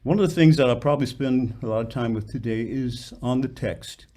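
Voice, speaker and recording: An older male voice teacher coaches a singer with patient, precise remarks. He slows down to model words and sometimes sings a phrase up high to demonstrate, in a roomy hall. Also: mellow. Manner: patient, demonstrates phrases by singing them in falsetto-high lines; precise about diction, models words slowly. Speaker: voice teacher leading a masterclass. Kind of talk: masterclass coaching.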